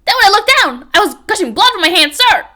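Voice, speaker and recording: Lady putting on a jumpy young cop guy, yells everything with a "sir!" on the end, high and bright, faint music under it. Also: sing-song, quick pace, a little hiss or hum, exaggerated voice. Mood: frantic, loud. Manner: shouts nearly every line, ends sentences with "sir!". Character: jittery young male police patrolman, excitable. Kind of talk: voice acting a game script aloud.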